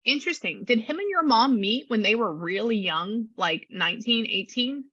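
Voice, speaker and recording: Bright, chatty woman medium. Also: on the high side, normal speed, slightly rough, no room sound, muffled recording. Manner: chatty, animated, relays a spirit's words in quotes. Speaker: spiritual medium. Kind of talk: casual reading session with a client.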